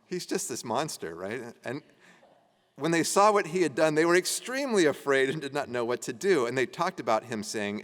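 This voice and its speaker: Guy lecturing a church class, chatty, reads old texts out loud, hall echo. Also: mid-range voice. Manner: conversational, laughing while reading old texts aloud. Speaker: adult education teacher. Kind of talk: church adult-education lecture. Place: church meeting room.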